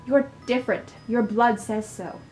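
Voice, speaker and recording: A woman's voice: a little high, measured pace, darkish tone, echoey room, faint music behind, lightly acted. A woman voicing a cold, proud mother of a wealthy family, stern and dismissive.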